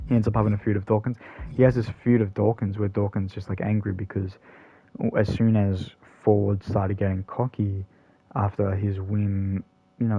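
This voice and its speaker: Brief: lower-voiced male gaming host, casual rambling commentary, dead dry lo-fi mic. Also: dry recording. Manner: rambling, filler-heavy, self-correcting.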